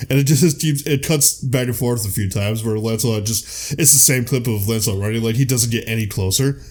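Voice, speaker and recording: A man from the US Midwest co-hosting a podcast, retelling a comedy film in casual chat and breaking into quoted lines in animated voices. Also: mid-range voice, a little fast. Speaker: podcast co-host.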